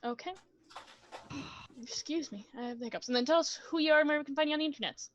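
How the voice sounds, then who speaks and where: A woman running a tabletop role-playing game as game master, brisk and matter-of-fact. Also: high voice, highs cut off.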